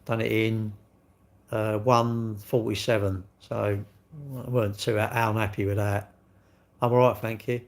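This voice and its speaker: A man's voice: on the low side, level tone, measured pace. A man, chatting casually on a live stream and telling rambling, sweary stories while answering viewers. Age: 60s.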